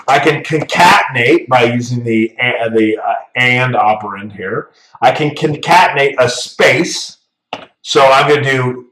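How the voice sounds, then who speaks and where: A man with a medium voice talks through a coding lesson in a relaxed, step-by-step way, often tagging his points with "right?". The sound is roomy and echoey, and he sits back from the mic. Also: mid-range voice, far from the mic, a little hiss or hum. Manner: casual, talks through steps, tags "right?". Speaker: programming instructor. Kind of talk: screen-recorded coding lesson.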